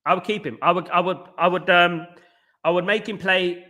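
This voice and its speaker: A Northern English man runs a casual fan livestream and chats through viewer comments. His voice sits high and sounds bright and forceful, and he keeps repeating words and shout-outs. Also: steady tone, moderate pace. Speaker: host of a football fan livestream. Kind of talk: casual live chat reading viewer comments.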